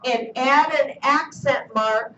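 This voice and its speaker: A high-pitched woman teaches a class at an unhurried pace, quizzing her students and coaxing answers out of them. She is picked up from a distance in an echoey classroom, and the recording sounds dull. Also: fairly bright tone, slight background noise. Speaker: Spanish teacher. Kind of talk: classroom lesson.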